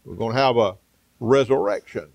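A male pastor delivering a sermon, building to fervent exclamations and calling out amen and hallelujah, with frequent "uh" pauses. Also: mid-range voice, very animated, vocal fry, darkish tone, dry recording. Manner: preaching, rising to fervent exclamations with frequent "uh" fillers; calls out amen and hallelujah to the congregation.

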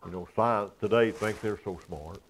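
A man delivers a sermon in a low voice. His pitch and volume rise sharply when he drives a point home, then drop back to quiet, confiding asides. He chuckles lightly between his points. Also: moderate pace, slight background noise. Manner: swells from quiet asides to loud, high-pitched emphasis. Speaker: preacher.

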